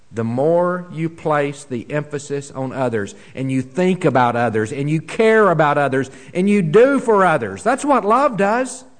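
A man preaching a sermon earnestly, swinging between emphatic lines and hushed ones, often repeating a word as he restarts. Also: mid-range voice. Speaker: pastor.

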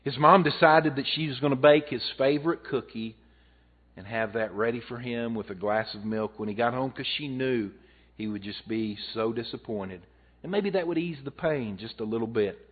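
A man's voice: mid-range voice, moderate pace, breathy edge. A male pastor preaching a sermon, telling a story and swelling and dropping his voice for emphasis. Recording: tinny phone-like audio.

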